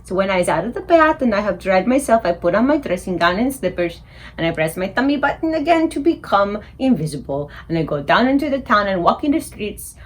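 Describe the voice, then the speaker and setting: A woman librarian reading a children's book aloud in an expressive way. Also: mid-range voice, brisk.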